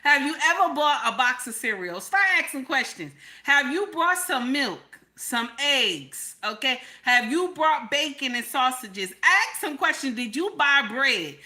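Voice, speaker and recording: A woman's voice: high voice, big pitch swings, unhurried, hardly any pauses, bright, forceful tone. A woman giving casual reaction commentary, repeating herself with rhetorical questions and exclamations. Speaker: commentary vlogger.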